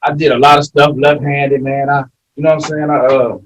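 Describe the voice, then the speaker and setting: A man in his late fifties sharing his story in a support group, rambling and halting, swinging from hushed admissions to loud, tearful outbursts. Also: on the high side, little pitch movement, far from the mic, slight background noise, poor audio. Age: 50s. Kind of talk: emotional personal sharing.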